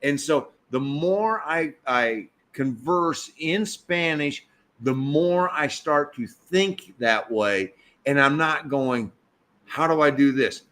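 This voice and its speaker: A man's voice: a little high, animated, slow, a bit bright. A man from the United States chatting casually on a live stream, reflective, with frequent stammering restarts. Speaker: co-host of a travel live stream.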